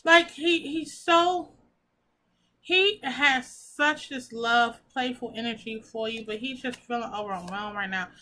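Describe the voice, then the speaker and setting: A woman's voice: fairly high pitch, unhurried, pushed and bright. A woman giving a pick-a-pile tarot reading, talking casually and emotionally, gushing and swearing as she reads the cards. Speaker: tarot reader.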